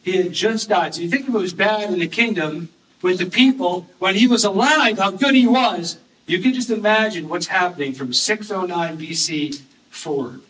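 A man preaching a sermon, earnestly explaining scripture and reading verses slowly and with emphasis. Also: high voice, fairly bright tone. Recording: distant mic with faint background noise.

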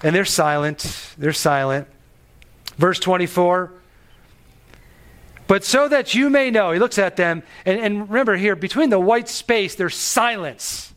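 A man preaching a sermon on a Bible passage, animated and emphatic, pushing his voice up on key phrases. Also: sits high, measured pace. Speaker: pastor.

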